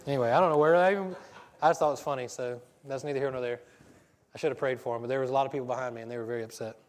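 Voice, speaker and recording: Man, casual sermon, rapid rambling delivery, self-interrupting, long hall echo. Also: medium pitch, fairly even intonation. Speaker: preacher.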